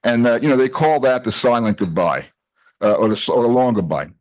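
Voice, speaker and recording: A man's voice: medium pitch, animated, a little fast, a little mellow. An older man giving a loose, chatty talk at a retreat, joking and often wandering off his point. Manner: chatty, rambling, self-interrupting, jokey. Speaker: retreat speaker. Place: retreat house hall.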